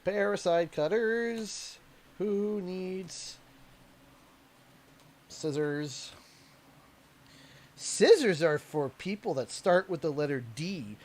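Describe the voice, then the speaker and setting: A young man from Canada chats through a livestream unboxing, joking and rambling as he goes. His voice sits high for a man and swings widely in pitch, jumping up when something excites him. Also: extremely slow, long pauses. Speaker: streamer. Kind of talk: casual livestream chat while unboxing.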